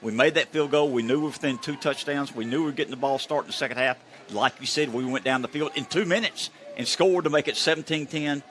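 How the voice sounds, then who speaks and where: A man's voice: medium pitch, fast talker, few pauses, fairly bright tone. Commentator guy hammering home the score, mid voice, faint outdoor noise. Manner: emphatic, stat-driven. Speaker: broadcast color commentator. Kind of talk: booth commentary.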